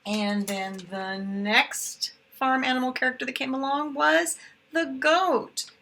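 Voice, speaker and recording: A woman's voice: high voice, steady tone, takes it slowly, sharp tone. A woman teaching kindergarten, chatting simply to small children as she retells a picture book with paper puppets. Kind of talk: storybook retelling lesson for young children.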